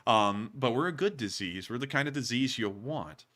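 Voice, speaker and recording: A man's voice: medium pitch, lively intonation, normal speed, sharp tone. A man hosting a casual livestream, answering viewer comments in a rambling way with lots of fillers and chuckles. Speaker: livestream host.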